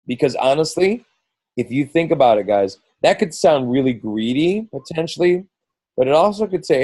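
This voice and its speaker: Rambling middle-aged man, dark dry voice. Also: fairly high pitch, very animated, moderate pace, breathy edge, dry recording, rough recording. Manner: rambling, full of restarts and quoted asides. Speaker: team coach leading a group call. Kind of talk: casual coaching talk.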